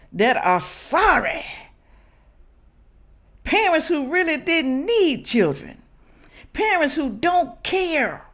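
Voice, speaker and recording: A woman from Memphis hosts a reaction video. Her commentary is blunt and animated, and she talks straight to her viewers. Her voice sits a little high and swings widely in pitch. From Memphis, Tennessee. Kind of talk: casual commentary.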